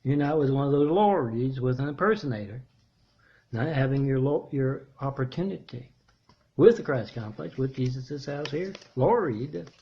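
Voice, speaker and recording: A man telling a meandering story in a halting monologue, restarting his phrases often. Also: medium pitch, lively intonation, husky, lo-fi sound. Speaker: self-made video preacher.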